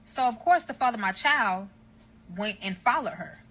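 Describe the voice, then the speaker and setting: A woman's voice: fairly high pitch, animated, normal speed, a bit bright. A woman telling a casual story-time tale to her viewers, heated and swearing freely. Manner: heated, profane, addresses viewers.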